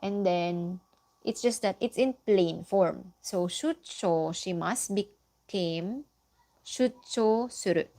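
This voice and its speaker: A woman's voice: slow pace, dark tone. A woman whose first language is Tagalog, teaching a Japanese lesson online in a patient, explaining way, often checking with "okay?". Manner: lifts her pitch sharply for example sentences.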